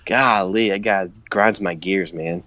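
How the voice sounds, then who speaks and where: Animated, ranting man with a low voice. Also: measured pace. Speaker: podcast co-host. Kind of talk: casual storytelling chat. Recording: dry, dull podcast recording.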